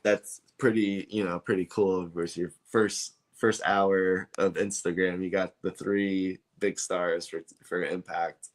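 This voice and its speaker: A man's voice: sits low, flat delivery, unhurried, hardly any pauses. A man, a guest on an interview show, telling a story in a casual, rambling way with many fillers and acted-out dialogue. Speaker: belt maker, guest.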